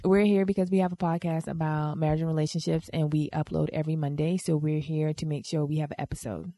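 A woman's voice: low voice, little pitch movement, fast, warm tone, no echo. A woman co-hosting a podcast in casual chat, playful and teasing, laughing often. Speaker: podcast co-host.

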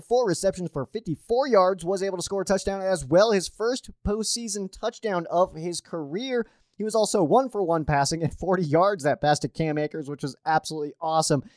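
Male sports show host, home setup, slightly high pitch, dry sound, rambling chatty delivery. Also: a little mellow, no room sound. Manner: chatty, restarts often, uses fillers. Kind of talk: casual sports commentary.

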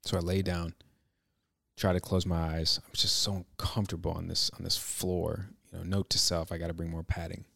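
A man telling a personal story in a reflective, halting way, with many restarts. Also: low-pitched, level tone, gravelly, bright, forceful tone, slightly rough, no echo, studio quality.

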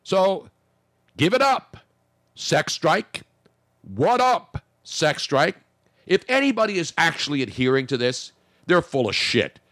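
A man's voice: a little high, big pitch swings, measured pace, fairly bright tone, no echo, clean studio sound. A man hosting a sports talk radio show, joking brashly and crudely in casual banter.

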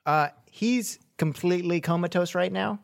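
A man's voice: normal speed, creaky. A man playing a tabletop game with friends, goofing around in casual chat. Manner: goofy, playful, swings pitch wide. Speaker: player.

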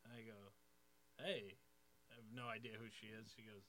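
A comedian telling an embarrassing story, laughing and acting out the dialogue. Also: male voice, fairly low pitch, normal speed, slight background noise. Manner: excitable, laughs often, acts out dialogue. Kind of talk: casual storytelling chat.

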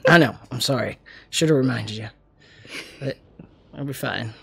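Brisk player giving orders. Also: medium pitch, gravelly, fairly bright tone, breathy edge. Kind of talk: in-character tabletop play.

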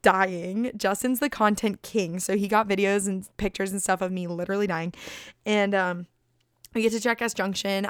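A young woman hosting a podcast, telling a story in casual, animated chat, full of swearing and "like". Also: mid-range voice, clear, resonant tone, no echo, studio quality. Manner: animated, swears a lot, says "like" constantly. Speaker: podcast host.

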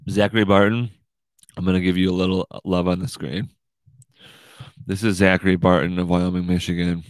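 A man's voice: sits low, level tone, a little fast, dry recording. A man hosting a casual livestream podcast, rambling and swearing, saying "dude" a lot. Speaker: podcast host.

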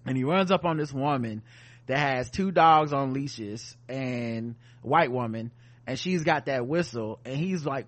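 A man co-hosting a podcast, casually reviewing a TV episode with loose, profane, animated retelling of the scenes. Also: medium pitch, unhurried. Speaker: podcast co-host.

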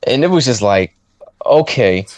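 Man, casual podcast chat, slangy, swooping animated pitch, slightly high voice, dry close sound. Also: normal speed, no echo. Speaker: podcast co-host reviewing a film.

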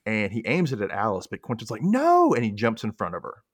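A man's voice: lowish voice, fast talker, no room sound, studio quality. A young man hosting a podcast, casually recapping a TV episode and acting out characters' lines in exaggerated voices. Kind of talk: casual chat.

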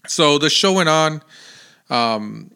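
A man hosting his own podcast, telling a rambling story in a casual, animated way with lots of fillers. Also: fairly high pitch, slow, creaky, clean tone. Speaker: podcast host.

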